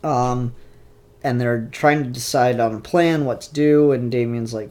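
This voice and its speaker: A man's voice: mid-range voice, unhurried, a little mellow. A man casually reviewing comic books, rambling and opinionated with frequent fillers.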